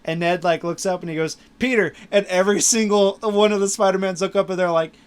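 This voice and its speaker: A man's voice: high voice, fairly even intonation, quick pace, clean tone. A man hosting a podcast, animatedly retelling movie scenes in casual chat and laughing often. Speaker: podcast host.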